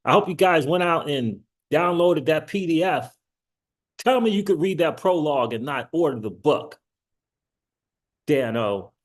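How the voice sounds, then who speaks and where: Male channel host, casual and rambling, animated with frequent laughs and sudden excited rises in pitch. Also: a little slow. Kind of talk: casual livestream commentary.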